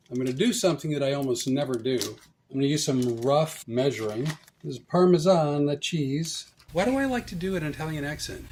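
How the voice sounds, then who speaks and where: A man's voice: on the high side, a little hiss or hum. A man hosting a casual cooking demonstration in a home kitchen, joking as he talks through each step. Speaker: cooking show host.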